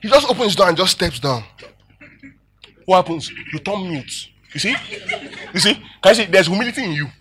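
Lively high-voiced preacher man. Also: a little fast, long pauses, noisy background. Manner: animated preaching, laughing often, asking the crowd "yeah?". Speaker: pastor. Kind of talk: sermon.

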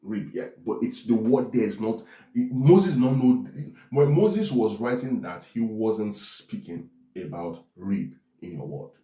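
Mellow-voiced man preaching a teaching sermon. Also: on the low side, animated, measured pace, echoey room. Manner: keeps asking the listeners to check in; emphatic, repeats phrases for stress.

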